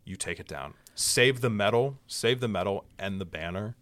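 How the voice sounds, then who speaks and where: A young man co-hosts a casual political podcast in playful, teasing banter. His voice sits very low. The sound is dry and close-miked. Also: expressive, normal speed, a bit bright, no room sound. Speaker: podcast co-host.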